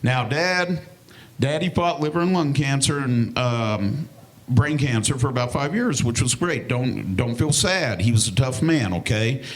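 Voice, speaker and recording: A man tells a stand-up comedy story in a folksy, plain-spoken way. His pitch sits mid-range but rises and falls a lot. He delivers his punchlines deadpan. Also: a little slow.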